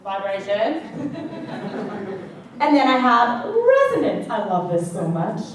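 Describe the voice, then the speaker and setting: A woman vocal coach with a somewhat high voice teaches a singing class, chatty and checking in with her students often. She is picked up from across a very echoey room, with faint ambience behind her. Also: huge pitch swings, slow, distant mic, slight background noise. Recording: echoey classroom recorded from afar.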